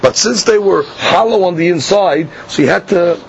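A man teaching a Talmud class. He reads each line slowly and then explains it in plain English. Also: high voice, vocal fry. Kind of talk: Talmud class, reading and translating. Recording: dull lo-fi class recording with faint hiss.

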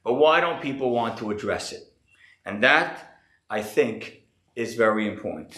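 A man teaching a class as a rabbi, earnest and reflective, his voice a little hoarse from being sick. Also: mid-range voice, lively intonation, a little slow, pushed and bright, roomy sound, poor audio. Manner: earnest, reflective, thinking aloud. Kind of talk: earnest lecture.

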